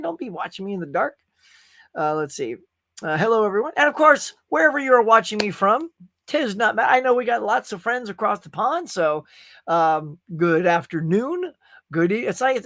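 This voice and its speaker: A man's voice: high voice, fairly bright tone. A middle-aged man hosting a casual live stream, chatty and upbeat as he reads out viewers' comments. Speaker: host.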